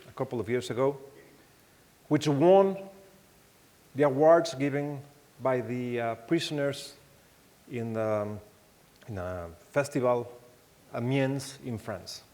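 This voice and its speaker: Mexican-accented man giving a keynote in a big hall, stops and restarts a lot, acts out voices, lingering reverb. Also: mid-range voice. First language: Spanish. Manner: halting, with many restarts and fillers; animated storytelling, acts out quoted voices. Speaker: keynote speaker. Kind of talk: conference keynote anecdote.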